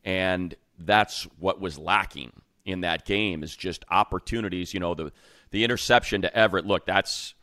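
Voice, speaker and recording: Deep-voiced man in opinionated sports chat. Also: moderate pace, dry recording, studio quality. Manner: opinionated, heats up into animated rants. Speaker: co-host. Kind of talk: casual sports talk.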